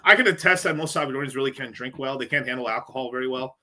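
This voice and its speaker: A man's voice: medium pitch, very fast, pushed and bright. A man from the United States, a crypto livestreamer, ranting casually with lots of swearing, rambling and frequent laughter. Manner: profane, rambling, laughs often.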